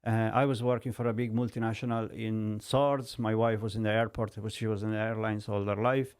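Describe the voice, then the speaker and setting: A man's voice: on the low side, a little fast, clear, resonant tone. Italian-accented man telling his story. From Italy. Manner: animated storytelling in broken English, many restarts. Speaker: guest. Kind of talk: personal testimony in conversation.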